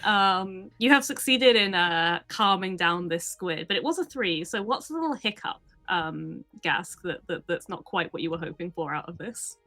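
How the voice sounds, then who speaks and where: A woman's voice: fairly low pitch, lively intonation, normal speed, few pauses, sharp tone, soft background music. A woman narrating a tabletop role-playing game as game master, playful and laughing often.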